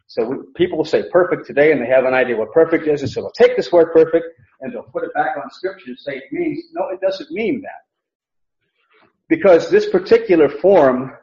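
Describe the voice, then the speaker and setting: A man's voice: fairly high pitch, darkish tone. A man teaching a verse-by-verse Bible lesson, emphatic, repeating key phrases and often restarting sentences. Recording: echoey room, dull lo-fi sound.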